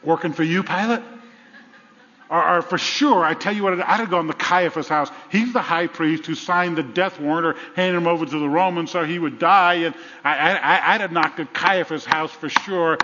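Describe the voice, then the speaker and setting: A male pastor delivers a dramatic, humorous sermon, acting out the lines of the people in his story. His voice is fairly high, bright, and forceful, moving at a moderate pace with hardly any pauses. The recording sounds dull, with long hall reverb.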